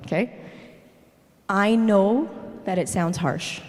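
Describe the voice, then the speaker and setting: A woman's voice: mid-range voice, normal speed, long pauses, a little mellow. A young woman giving a casual, dramatic church talk, tagging "okay?" onto her sentences. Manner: dramatic, keeps adding "okay?". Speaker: youth speaker. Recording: hall reverb.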